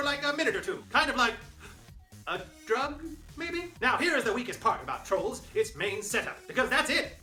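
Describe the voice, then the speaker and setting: Guy doing a snarky movie review, bright voice, echoey room with music under it. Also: extremely high pitch. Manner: wry, sarcastic asides. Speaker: film reviewer host. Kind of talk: scripted film review.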